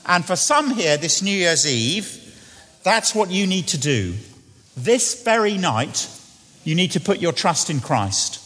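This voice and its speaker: A man delivers a sermon in a church, his pitch on the higher side and swinging freely. He tells humorous stories and then slows down to lead an earnest prayer. The hall around him rings with long reverb. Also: a bit bright. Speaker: preacher.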